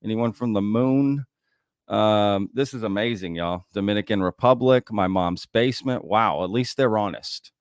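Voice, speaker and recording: A man hosts a live stream, greeting viewers and chatting casually in a drawl, saying "y'all" a lot. His voice is on the low side with a clean tone and moderate pace, in a dry, studio-quality recording.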